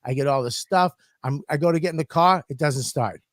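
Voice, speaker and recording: A podcast host man ranting through a story, swearing constantly and getting worked up. His voice is pitched a bit high and sounds close and dry. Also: a little fast, no echo. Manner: profane, animated ranting.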